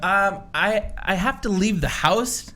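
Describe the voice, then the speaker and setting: A comedy podcast co-host whose voice sits high for a man. He talks in a bouncy, lively way. He drops quick, dry quips into the chat. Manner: quick deadpan quips, laughs often.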